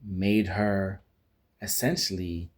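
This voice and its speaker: Man, deep voice, husky, casual movie review, rambling, lots of restarts and fillers. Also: fairly even intonation, slow pace. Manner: retells scenes by acting out quoted lines. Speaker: film reviewer.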